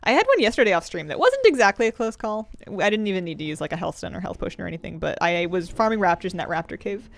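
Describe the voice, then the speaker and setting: A woman's voice: on the low side, very animated, quick pace, vocal fry, few pauses. A woman, chatting casually as a game streamer, thinking aloud and laughing often. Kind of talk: casual gameplay commentary.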